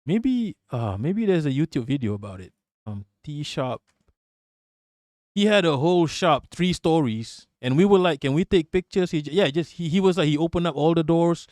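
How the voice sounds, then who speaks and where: A man from Malaysia hosting a livestream, telling stories in an animated, swearing, casual way. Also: fairly high pitch, normal speed, no room sound, clean studio sound. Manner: animated, profane storytelling. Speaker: livestream host.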